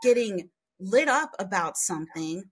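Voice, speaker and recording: Frank, animated woman telling stories. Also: a little slow, breathy edge. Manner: animated, frank, swings pitch high for emphasis; mild swearing, chatty. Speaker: podcast guest. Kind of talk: candid conversational storytelling.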